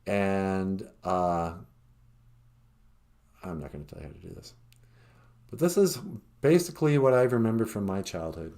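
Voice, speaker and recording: This northern Minnesota man, a cartoonist who hosts a podcast, has a low, mellow, expressive voice and a moderate pace with frequent pauses. On his casual livestream he rambles along, packed with fillers, and jokes at his own expense.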